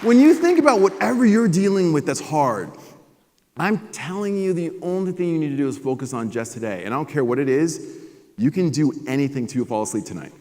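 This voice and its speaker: Energetic man giving a keynote in a hall. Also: on the high side, fairly quick. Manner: energetic, animated storytelling. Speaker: keynote speaker. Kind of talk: motivational keynote. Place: large conference hall. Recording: long hall reverb.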